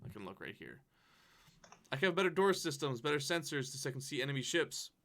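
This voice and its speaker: Bright-voiced rambling podcast guy. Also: mid-range voice, lively intonation, quick pace. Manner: rambling, many fillers, laughs often. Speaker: podcast co-host. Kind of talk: casual chat.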